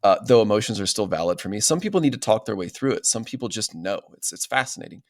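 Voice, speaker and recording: A man's voice: on the low side, expressive, fast talker, dry recording, studio quality. A man as a podcast guest, talking in an earnest, explanatory way and often checking in with "right?". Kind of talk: casual interview talk.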